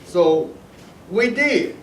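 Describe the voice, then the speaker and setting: A middle-aged man from Detroit talks through his own story in a loose, rambling way, going back over his words and starting sentences again. His voice sits a little higher than most men's. He sounds set back from the mic in an echoey room, with a faint hiss behind him. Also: animated, drawn-out words, a bit bright, far from the mic. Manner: rambling, repeats himself, restarts sentences. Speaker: storyteller recounting his past. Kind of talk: casual personal storytelling.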